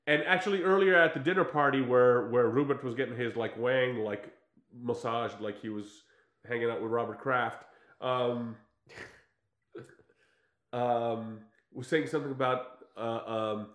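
In a roomy-sounding recording, a man with a mid-range voice and measured delivery recaps a film as a podcast co-host. His storytelling is lively, with acted-out quotes and plenty of swearing.

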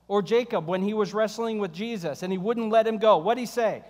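High-voiced guy preaching, chatty and sarcastic, sermon style, long reverb from the hall. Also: fairly quick, few pauses. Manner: animated, conversational preaching with sarcasm and humor. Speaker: pastor.

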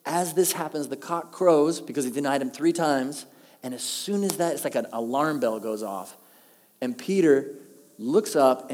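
Pastor guy preaching, acts out the quotes, big echoey hall. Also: medium pitch. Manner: animated storytelling, acts out quoted lines. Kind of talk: sermon. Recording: long hall reverb.

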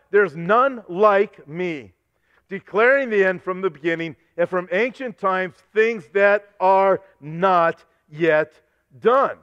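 A man's voice: high voice, dry recording, highs cut off. A male pastor preaching a fervent sermon, quoting scripture and losing his voice.

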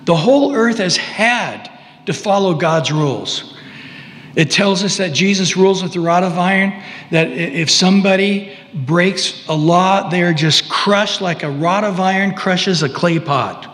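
A male preacher talks through scripture in a loose, conversational way, stopping to restart and throw in asides. His voice sits a touch high for a man. A long reverb hangs behind it. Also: a little slow, fairly bright tone. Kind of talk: sermon.

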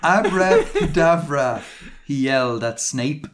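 A man's voice: mid-range voice, expressive, a little slow, slight background noise. A man co-hosting a casual podcast, reading fan fiction aloud in a mock-dramatic way, laughing and swearing often. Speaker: podcast co-host.

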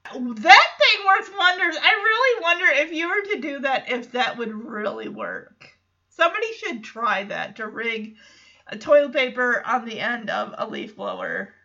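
Bright, high-voiced woman podcast host. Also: measured pace, creaky, muffled recording. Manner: animated, laughs often, reads out lines of dialogue. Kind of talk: casual episode recap.

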